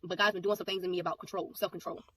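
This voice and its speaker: A woman giving a personal testimony, telling the story in a rapid, animated way and acting out the back-and-forth of the exchange. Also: fairly low pitch. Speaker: ministry speaker giving a testimony. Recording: voice a bit far from mic, faint background noise.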